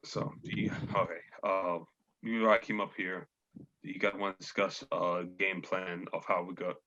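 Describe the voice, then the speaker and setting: Man, tabletop player, bright forceful tone, rambling, muffled lo-fi audio. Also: sits low, flat delivery, normal speed. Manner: hesitant, rambling, with restarts. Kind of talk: casual game chat.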